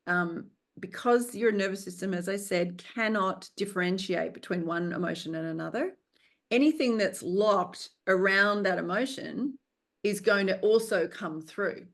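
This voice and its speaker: A woman film director speaking as a guest in an interview, earnest and reflective, coaching in tone, and stretching some words out for emphasis. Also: medium pitch. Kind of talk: conversational interview.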